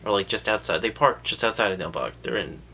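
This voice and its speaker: A man giving a sarcastic, profane comedic recap of a film, jumping into quick voices for the characters. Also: on the low side, pushed and bright, a little hiss or hum.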